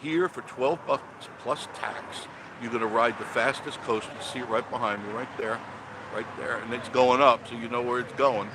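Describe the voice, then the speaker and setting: A man's voice: medium pitch, level tone, fairly quick, noisy background. An older man hosting a casual live stream outdoors on his phone, greeting viewers by name as he chats. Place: outdoors by a roadside attraction. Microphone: phone held for a live stream.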